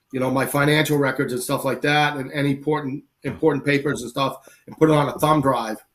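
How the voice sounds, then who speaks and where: A man's voice: medium pitch, a bit bright. Rambling ex-soldier man, casual host. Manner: rambling, filler-heavy storytelling. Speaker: live stream host. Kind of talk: casual chat.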